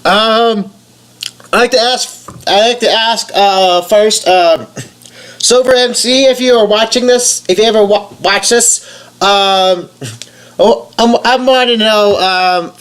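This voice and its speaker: Young male YouTuber, nasal, high-ish voice, unhurried, hesitant commentary with lots of ums. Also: fairly bright tone, smooth. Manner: hesitant, many fillers and restarts. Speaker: game voice-over YouTuber. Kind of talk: casual rambling commentary.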